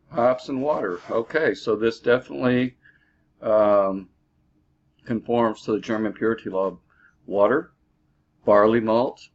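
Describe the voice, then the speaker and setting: A man giving a casual beer review, halting and full of fillers, recorded on a dull lo-fi mic. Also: lowish voice. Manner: halting, filler-heavy, easygoing.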